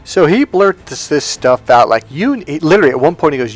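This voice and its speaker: A man coaching on dating, telling a story in an animated, emphatic casual monologue. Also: fairly high pitch, a little fast, few pauses, faint music behind.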